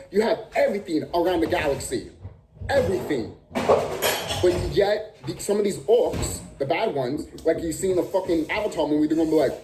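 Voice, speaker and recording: This is an expletive-laden, heated rant from a vlogger whose voice swings widely up and down in pitch. The delivery is insistent and repetitive, hammering the same phrases for emphasis. A steady hiss of background noise sits clearly under the recording. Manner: profane, emphatic, repeats phrases. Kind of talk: ranting monologue.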